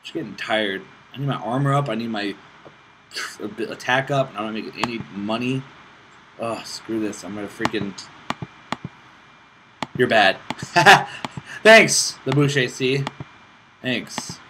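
This gaming channel host has a lower voice and speaks unhurriedly with long pauses, recorded roughly with some hiss or hum. Still, he's excitable, giving casual play-by-play, calling to teammates, and alternating between jokes at his own expense and frustrated outbursts.

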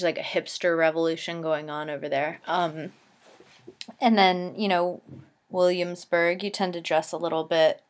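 A young woman in her twenties from the East Coast of the United States talks to her camera at home in a low, unhurried voice. She rambles casually, filling gaps with "like" and "um". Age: 20s. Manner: chatty and rambling, lots of "like" and "um". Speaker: vlogger.

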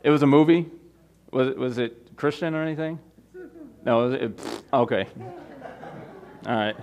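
A pastor delivering a sermon, his voice sitting at an ordinary middle pitch. He leans hard on key words, slowing down and stretching them for weight. He is a man speaking to a congregation in a plain, direct way. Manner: preaching with rising emphasis, stretching key words; opens in a quiet, low prayer.

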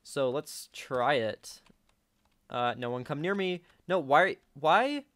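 Brief: male gameplay commentator, slightly high voice, jumpy and easily frustrated, self-talk at a desk mic. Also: takes it slowly, a little hiss or hum. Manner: excitable, jumps into high-pitched outbursts, talks to himself. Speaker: gaming channel host. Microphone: desk microphone.

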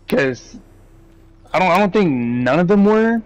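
Male host, casual review chat, rambling and profane, mid-pitched voice. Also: a little slow, highs cut off. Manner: rambling, swears freely, animated opinions.

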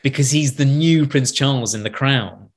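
A man, a podcast guest telling animated anecdotes in casual chat and mimicking the voices of people he met. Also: medium pitch, moderate pace, a crowd in the background. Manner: animated storyteller who often acts out voices of others.

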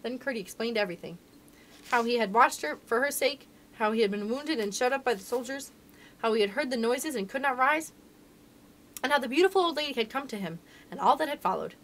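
A woman librarian reading a children's storybook aloud in an expressive, sing-song storyteller manner. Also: a little high, brisk, a little hiss or hum.

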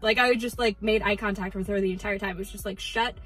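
A young adult woman, a teacher, chatting excitedly to camera in a casual vlog, full of fillers and quick restarts. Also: medium pitch, faint music behind, low-quality recording. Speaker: teacher vlogger.

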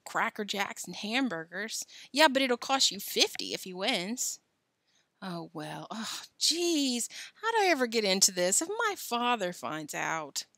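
A woman's voice: mid-range voice, big pitch swings, a little slow, sharp tone, no room sound, heavily acted. A woman voicing a worried, glum boy of about ten who frets and sighs in a storybook reading. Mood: fretful. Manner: fretful, sighing.

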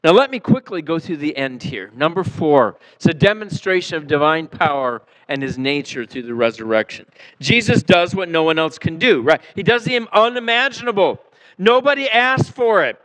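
Male pastor, slightly high voice, lively church sermon, loud-soft swings. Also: normal speed, low-quality recording. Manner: animated preaching, acting out quotes, swinging between loud and soft. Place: church sanctuary.

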